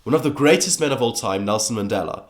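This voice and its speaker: A man's voice: mid-range voice, lively intonation, quick pace. A teenage boy from South Africa with a South African accent, talking casually in a vlog, rambling with fillers and restarts. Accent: South African English. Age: teens. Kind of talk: casual vlog reacting to assumptions.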